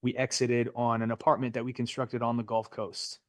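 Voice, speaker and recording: A middle-aged man lectures a real estate class in a relaxed, chatty way, tossing questions to the room and cracking small jokes. His voice sits at an ordinary pitch, and the sound is dry and close. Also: a little fast, dry recording. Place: Florida classroom.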